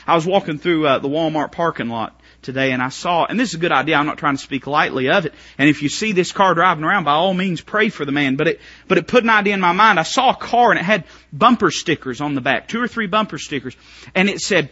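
A man preaching a sermon, rising to shouts and dropping to hushed tones. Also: expressive, a little fast, slightly rough. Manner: swings between shouted climaxes and hushed low passages. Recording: muffled lo-fi church recording.

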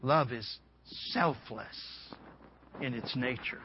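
A man preaching a revival sermon in a folksy, storytelling way, rising to loud peaks and dropping to a hush. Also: mid-range voice, expressive, a little slow, slight background noise. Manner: swings from loud shouting peaks to hushed near-whisper. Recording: dull lo-fi recording.

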